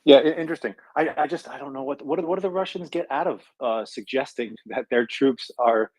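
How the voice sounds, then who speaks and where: A man in a casual online chat, talking in halting, stammering bursts. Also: medium pitch, a little mellow, no echo.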